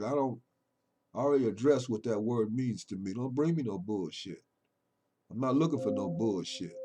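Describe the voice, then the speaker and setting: A man, a poet, delivering an impassioned spoken monologue about his poems, preachy and emphatic, moving between loud declarations and low, intimate murmurs.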